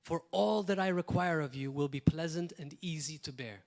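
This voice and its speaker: A man's voice: on the high side, moderate pace, a little mellow. A male pastor, preaching a sermon in a conversational way, with repeated phrases and short asides. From Malta.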